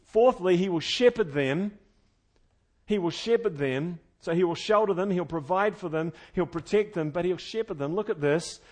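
A man preaching an expository sermon, earnest and conversational, swinging between loud fervent emphasis and quiet intimate tones. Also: high-pitched, moderate pace. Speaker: pastor.

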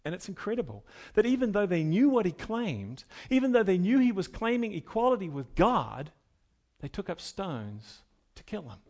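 A man preaching an expository sermon, moving between quiet teaching and loud, emphatic passages, with conversational fillers. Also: sits high, very animated, moderate pace.

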